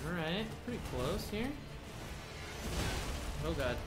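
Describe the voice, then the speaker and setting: A man's voice: fairly high pitch, big pitch swings, slow pace, over music. A young man commenting on his own gameplay, taunting the boss and venting to his chat between frustrated outbursts. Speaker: gaming video creator.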